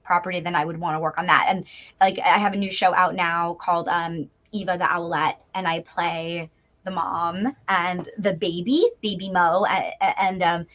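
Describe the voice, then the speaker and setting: A woman voice actor chatting as a guest in a live interview, bubbly and talkative, with lots of fillers and quick laughs, heard over a video call. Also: on the low side, fairly even intonation, a bit bright. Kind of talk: casual live interview chat.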